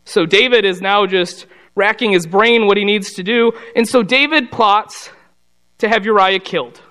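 A man's voice: high voice, pushed and bright, smooth. A man giving a casual Bible study talk, telling the story conversationally and briefly voicing the characters. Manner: conversational storytelling, slips into quick voices for the characters.

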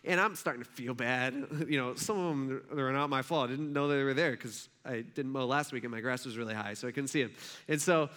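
A man's voice: medium pitch, a little fast, fairly bright tone. A man in his thirties preaching a sermon, telling a family story in a loose, conversational way full of fillers and restarts. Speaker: pastor.

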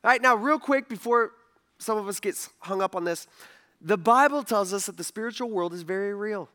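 Chatty high-voiced male preacher. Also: a little fast, pushed and bright. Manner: conversational, rhetorical questions and asides. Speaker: pastor. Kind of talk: casual sermon.

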